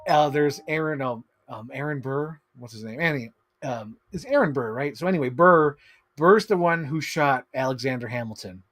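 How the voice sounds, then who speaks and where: A man in his thirties rambles through a casual unboxing stream at a middling pitch. He talks in an excitable, chatty way and keeps breaking into laughs. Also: moderate pace, no echo. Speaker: streamer host. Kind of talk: casual chat while unboxing collectibles.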